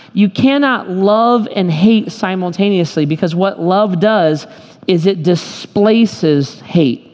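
A man preaching a sermon as pastor, emphatic and joking as he tells stories to his congregation. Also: high voice. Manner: humorous, emphatic storytelling preacher. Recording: long hall reverb.

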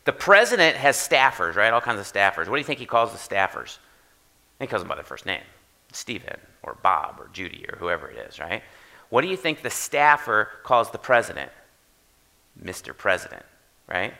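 A man preaching a sermon in a conversational way, often checking in with "right?" and swinging from quiet to loud for emphasis. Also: lowish voice, big pitch swings, brisk. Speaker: pastor.

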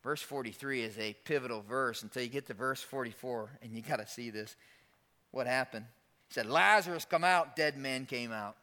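A man preaching a sermon as pastor, asking rhetorical questions, swinging between hushed and emphatic delivery. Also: mid-range voice. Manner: dynamic preaching with rhetorical questions and dramatic pauses.

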